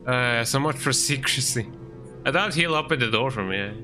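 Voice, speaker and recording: A man's voice: medium pitch, lively intonation, normal speed, over music. A man streaming a video game, chatting casually in a rambling way and tagging lines with "eh". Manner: rambling, frequent "eh" tag. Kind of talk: casual gameplay commentary.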